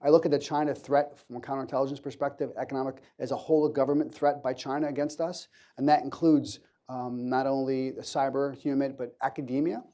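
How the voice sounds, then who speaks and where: A man, a government counterintelligence official, answering questions on a conference panel in a measured way with frequent fillers and restarts. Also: mid-range voice, steady tone, mellow. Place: conference hall.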